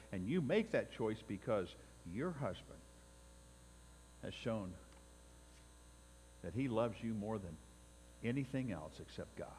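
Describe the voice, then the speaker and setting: A man preaching a sermon as pastor, building to emphatic peaks and dropping to quiet, deliberate phrases. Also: on the low side, a little hiss or hum. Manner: emphatic preaching with swells and drops in loudness. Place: church sanctuary. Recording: long reverb in a hall.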